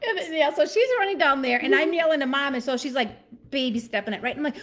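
A woman with a high voice tells a family story in a casual, animated way. She laughs often and acts out what each person said. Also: fast. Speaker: storyteller on a live stream.

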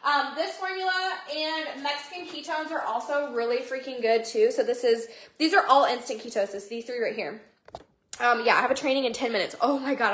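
A livestream seller hosts a casual sales chat on her phone from home, chatty and bubbly, greeting viewers by name at a moderate pace. Her voice is high, bright and sharp, and the room echoes around her.

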